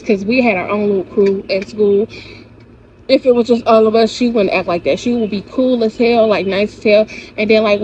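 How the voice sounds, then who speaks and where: A woman's voice: medium pitch, a little mellow, a little hiss or hum. A young woman, casually telling stories and venting bluntly with heavy profanity on her vlog. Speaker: vlogger. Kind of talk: casual storytelling monologue. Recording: slightly dull lo-fi recording with faint ambience.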